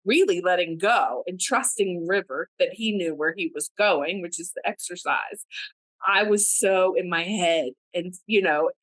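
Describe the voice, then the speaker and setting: A woman co-hosting a podcast, telling a personal story in casual chat, animated and laughing, with many "like" fillers. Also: fairly low pitch, measured pace, dry recording, poor audio. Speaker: podcast co-host.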